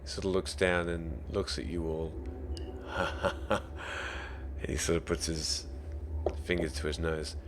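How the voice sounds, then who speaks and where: A man with an Australian accent running a tabletop game as dungeon master, relaxed and quick to laugh as he narrates and calls for rolls. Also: rumbling low, a little hiss or hum.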